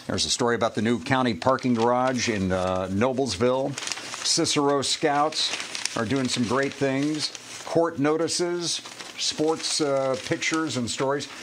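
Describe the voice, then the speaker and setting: A man's voice: medium pitch, unhurried, background noise. A man co-hosting a local show in a chatty, folksy way, reading event listings, ads and the weather forecast. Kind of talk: casual local broadcast.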